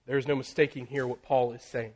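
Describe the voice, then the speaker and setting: A man preaching a sermon, building in intensity through emphatic lists and dropping to a near hush on key phrases. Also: mid-range voice, level tone. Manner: slows and drops very soft on key phrases.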